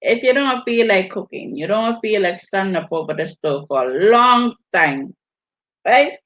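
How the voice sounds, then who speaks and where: A woman's voice: medium pitch, lively intonation, measured pace, a bit bright. A woman with a Virgin Islands Caribbean accent, chatting casually on a live stream, reading out viewer comments with teasing laughter. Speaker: vlogger hosting a live stream. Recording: dull lo-fi audio.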